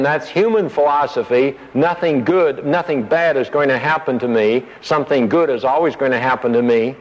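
A man teaches through a Bible passage, verse by verse, and at times acts out the disciples' words in a higher, pleading voice. The sound is a dull radio broadcast with a long reverb trailing behind him. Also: normal speed, hardly any pauses.

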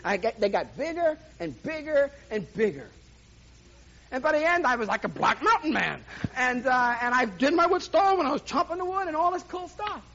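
Male preacher, very high and bright tone, lively sermon storyteller, dull lo-fi recording. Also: moderate pace, slight background noise. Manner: lively storyteller, voices sound effects and laughs along. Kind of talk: sermon with a humorous personal story.

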